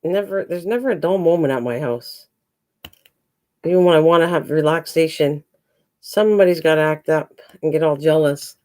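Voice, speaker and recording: A woman hosts a casual, rambling live-stream chat with her viewers, speaking at a moderate pace in a slightly mellow voice. She sounds out of breath and switches to a higher, coaxing voice when she talks to her cats.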